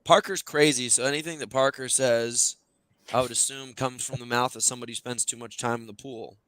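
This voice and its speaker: A man's voice: medium pitch, brisk. A male podcast host chatting casually, telling stories animatedly with lots of fillers. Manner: animated, loose storytelling with many fillers. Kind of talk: casual chat.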